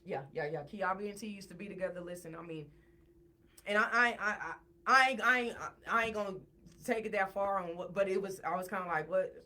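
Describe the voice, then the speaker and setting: A woman on a podcast shares a story from her own life, talking fairly quickly at a medium pitch. She's casual and animated, doubling up on words as she gets worked up.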